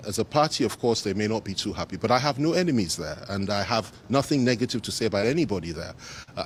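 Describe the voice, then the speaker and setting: A Nigerian politician, a man, answering reporters in a measured, emphatic way and repeating his key phrases. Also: fairly low pitch, a little hiss or hum. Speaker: politician speaking to the press. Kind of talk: press statement answering reporters.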